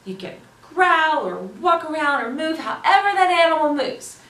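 Animated, high-voiced storytime reader. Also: female voice, normal speed. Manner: animated, sing-song, encouraging. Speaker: children's librarian storytime host. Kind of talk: reading picture books aloud to children. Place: library room. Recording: roomy, voice from a distance.

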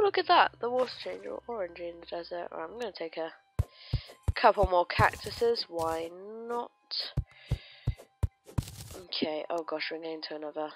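A woman talking through her gameplay in a chatty, excitable let's play style, her pitch jumping about animatedly. She greets the creatures she runs into in a playful way, over faint game music behind her.

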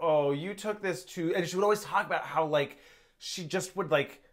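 A man co-hosting a film review podcast, animated and agreeable in casual chat. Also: on the high side, normal speed, loud music behind the voice.

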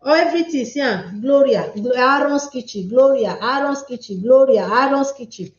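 A woman's voice: high-pitched, normal speed. A woman with a Nigerian Pidgin English accent hosting a livestream, chatting and laughing as she calls out viewers by name. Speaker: livestream host. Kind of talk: casual live chat to viewers. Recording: echoey room, dull lo-fi sound.

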